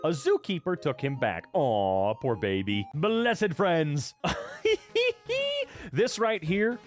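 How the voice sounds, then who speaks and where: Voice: mid-range voice, big pitch swings, slow pace, faint music behind. A narrator of a comedic meme video, reading captions with wry asides and mock voices.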